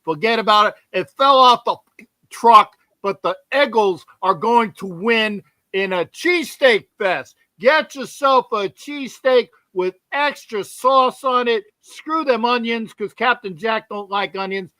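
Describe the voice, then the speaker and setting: Casting: man doing a loud, high, bright South Philly wiseguy, slow and brash. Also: no echo. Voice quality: overdone fake accent, swearing.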